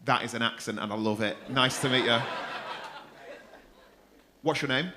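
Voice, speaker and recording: A man's voice: mid-range voice, moderate pace, background noise. A man hosting a comedy club night, swearing freely and teasing audience members. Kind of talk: stand-up crowd work.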